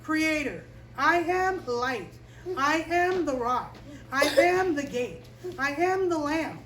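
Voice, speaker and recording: Woman doing an authoritative male God, slow emphatic commands, voice bright and high, heard from far off in an echoing room. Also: animated, full character voice. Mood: commanding.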